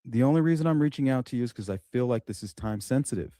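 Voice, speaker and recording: A man's voice: mid-range voice, fast talker, dry recording, studio quality. A man telling a story in casual chat, animatedly acting out the dialogue. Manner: animated retelling, acts out dialogue.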